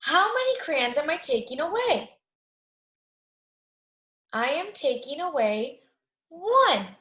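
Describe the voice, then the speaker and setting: Slow, bright-voiced woman teaching young children. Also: high voice. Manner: slow, clear, encouraging, asks questions then answers them. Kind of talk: remote math lesson for young children. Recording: echoey room.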